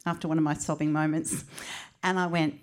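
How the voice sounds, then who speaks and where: A middle-aged woman with an Australian accent, telling personal stories in an animated, chatty way at a book launch. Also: low voice, brisk. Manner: animated, chatty storyteller who acts out quotes. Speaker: author speaking at a book launch. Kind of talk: personal storytelling speech.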